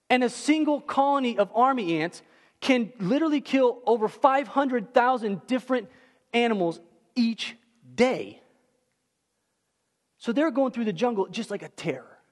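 High-voiced preacher in a reverberant hall. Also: male voice. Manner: animated, conversational, many fillers. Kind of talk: sermon.

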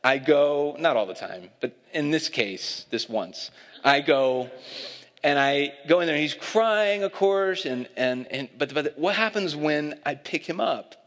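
Animated man preaching in a reverberant hall. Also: on the high side, measured pace. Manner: storytelling, animated, laughing at his own stories. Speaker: pastor. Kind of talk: sermon.

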